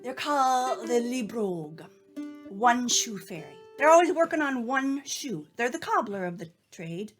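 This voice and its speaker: A woman co-hosting a show and telling folktales with a playful, drawn-out delivery. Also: fairly high pitch, lively intonation. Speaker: storyteller and co-host. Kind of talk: folktale storytelling with banter. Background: guitar music.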